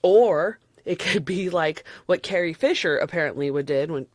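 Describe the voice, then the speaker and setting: A woman's voice: on the low side, normal speed, no echo, studio quality. A woman in her thirties with a Southern US accent, giving a candid, rambling movie review and chuckling often. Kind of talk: casual spoken movie review.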